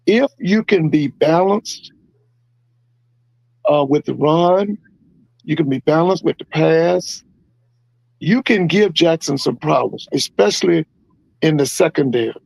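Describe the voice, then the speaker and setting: A man's voice: fairly high pitch, gravelly, darkish tone, dry recording, poor audio. An older man giving blunt, opinionated football commentary on a podcast, repeating his points for emphasis.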